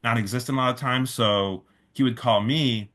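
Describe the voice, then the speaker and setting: A man's voice: mid-range voice, normal speed, a bit bright. A man, a festival organizer, telling a long story in a casual interview, full of fillers and restarts, quoting others in his own voice.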